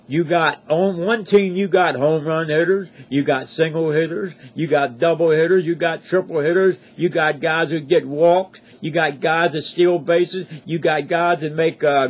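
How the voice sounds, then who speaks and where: A man talks in a slow, unhurried, folksy ramble, circling back with fillers and restarts. His voice sits high for a man. The recording sounds dull and lo-fi. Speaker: religious commentator. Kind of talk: casual spoken monologue.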